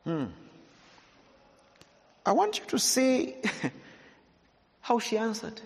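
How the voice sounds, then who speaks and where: Lively high-voiced preacher. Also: male voice, drawn-out words, creaky. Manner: questions the congregation often, repeats for emphasis. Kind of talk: sermon. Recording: echoey hall with long reverb.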